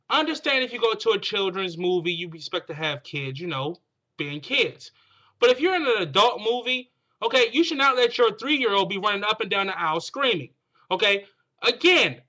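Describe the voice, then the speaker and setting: A man's voice: high-pitched, sharp tone. A man hosting a comedic video, ranting to the camera in a profane, exasperated way. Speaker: host.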